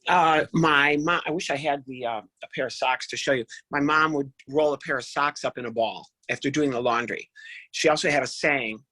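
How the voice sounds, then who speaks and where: A man's voice: medium pitch, moderate pace, pushed and bright, no room sound, rough recording. Affable joking ventriloquist man. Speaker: ventriloquist guest. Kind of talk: casual chat.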